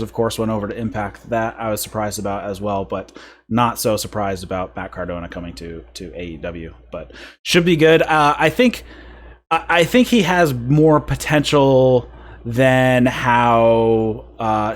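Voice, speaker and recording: A man hosting a podcast, casually recapping wrestling events at length and chuckling at the funny bits. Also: mid-range voice. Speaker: podcast host. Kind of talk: casual wrestling review chat.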